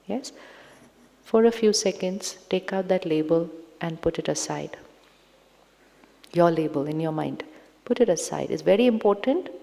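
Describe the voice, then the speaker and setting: A woman giving a spiritual talk to an audience, speaking slowly, repeating phrases and asking listeners questions. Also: on the low side, vocal fry, darkish tone. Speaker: spiritual teacher. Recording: long hall reverb.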